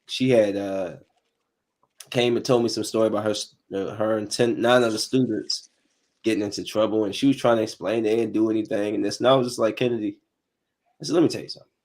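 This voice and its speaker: A man in his thirties hosting a casual podcast panel, telling animated stories in slangy talk and acting out the quotes. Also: on the low side, brisk. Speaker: podcast host.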